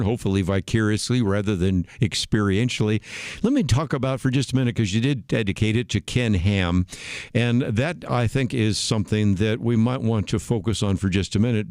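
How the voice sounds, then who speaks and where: A man hosting a radio talk show, speaking in a measured, formal way. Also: fairly low pitch, darkish tone, no echo, studio quality. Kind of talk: radio interview.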